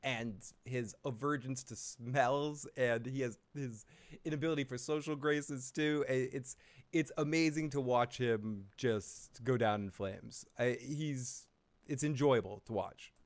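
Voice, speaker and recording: A man's voice: mid-range voice, unhurried. Profane rambling male stream host. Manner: rambling, profane, restarts often. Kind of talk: casual live review chat.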